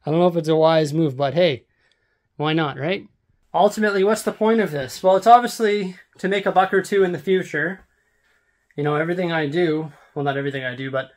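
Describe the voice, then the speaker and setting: A man vlogging at home, talking casually and rambling with lots of fillers as he sorts and shows his things. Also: a little high. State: out of breath. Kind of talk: casual vlog chat. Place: house, rooms and stairs.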